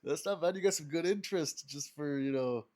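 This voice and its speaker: A man's voice: a little high, fairly quick, a little mellow. A young man co-hosting a podcast, chatting casually, laughing often and swearing loosely as he tells stories. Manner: laughing, loose and profane storytelling. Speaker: podcast co-host. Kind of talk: casual chat.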